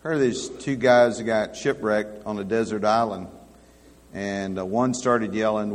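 A man preaching a sermon, telling folksy humorous stories in an animated way. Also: lowish voice, measured pace. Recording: long hall reverb.

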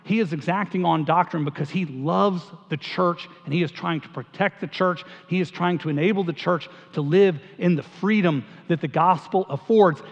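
A high-voiced man preaching in a large church sanctuary. He tells stories with animated energy and restarts phrases as he thinks aloud. The recording is a little dull, with a long hall echo trailing each line. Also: normal speed, hardly any pauses. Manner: animated storytelling, acts out quotes, repeats words. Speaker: pastor. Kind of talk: sermon.

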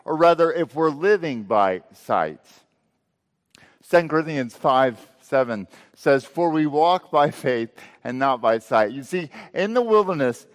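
A male pastor preaching a sermon, asking rhetorical questions and letting his voice swell and then drop low. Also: big-room sound.

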